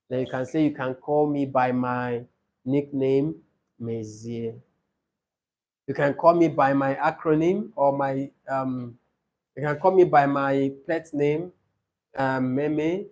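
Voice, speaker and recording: A man's voice: medium pitch, steady tone, a little slow, a little mellow. A man tutoring a speaking-test session, explaining patiently and repeating his examples. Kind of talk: classroom coaching.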